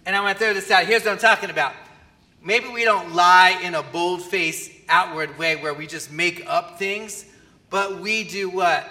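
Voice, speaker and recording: A man preaching a sermon as pastor, animated and often asking the audience questions. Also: high-pitched, normal speed. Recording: long hall reverb.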